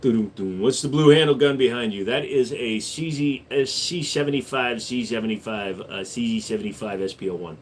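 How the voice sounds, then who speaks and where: A man's voice: mid-range voice, fairly quick, hardly any pauses, slight background noise. A man hosting a livestream, reading viewer questions aloud and answering them in an offhand, joking way. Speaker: livestream host answering chat. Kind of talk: casual livestream chat.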